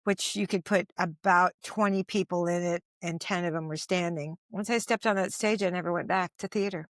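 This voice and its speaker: A stand-up comedian in her sixties, appearing as an interview guest, tells casual anecdotal stories, rambling with lots of restarts and fillers. Her voice is on the low side with fairly even intonation at a normal speed, and the recording is dry.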